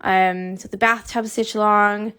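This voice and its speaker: A woman's voice: mid-range voice, fairly even intonation, unhurried, a bit bright, clear, resonant tone. A woman hosting a stitch-along video, chatting casually and encouragingly with lots of fillers and muttered asides. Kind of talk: casual chat while showing her screen.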